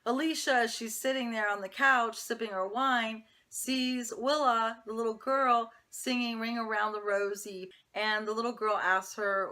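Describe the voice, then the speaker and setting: A woman's voice: a little high, fairly even intonation, a little slow, few pauses, pushed and bright. A woman reviewing a TV episode, chatty and opinionated, talking straight to her viewers. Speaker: TV show reviewer. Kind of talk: casual episode recap.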